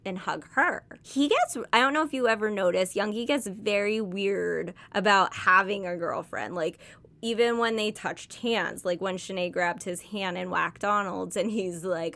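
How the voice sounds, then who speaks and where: Woman, casual chat, excited, bright tone, vocal fry. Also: medium pitch, moderate pace. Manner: excited, gushing. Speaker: co-host discussing a story.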